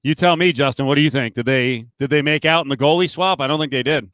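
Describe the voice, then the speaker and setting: Brisk man with a smooth, dry voice. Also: mid-range voice, fairly bright tone, no room sound. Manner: brisk, prompting questions. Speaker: podcast host. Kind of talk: casual podcast chat.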